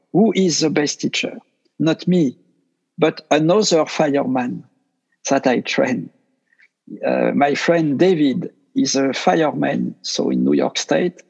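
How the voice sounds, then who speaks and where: A French-accented man speaks slowly and earnestly, his gravelly voice a little husky. He is a meditation teacher being interviewed, and the audio sounds dull and lo-fi. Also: fairly high pitch. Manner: slow, earnest, gentle speech in simple non-native English. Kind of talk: podcast interview.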